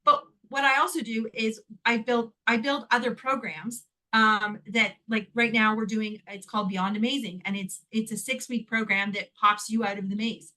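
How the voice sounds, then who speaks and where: A Canadian woman, a guest in an interview, telling a personal story in an animated way, laughing often and acting out the voices of the people she quotes. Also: fairly high pitch, moderate pace, few pauses, rough recording. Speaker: guest, healing technique teacher.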